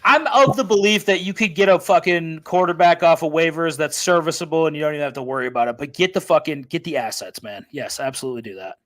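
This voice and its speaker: A man's voice: fairly high pitch, fast talker, few pauses. A man co-hosting a casual fantasy football livestream, reading viewer questions aloud and swearing often. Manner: animated, profane, reads viewer questions.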